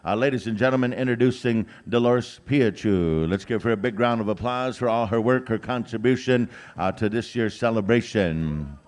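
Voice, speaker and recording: A man's voice: mid-range voice, normal speed, hardly any pauses. A man emceeing a powwow outdoors, drawing out names as he announces them, with frequent "uh" fillers and joking asides. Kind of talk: live announcing with jokes.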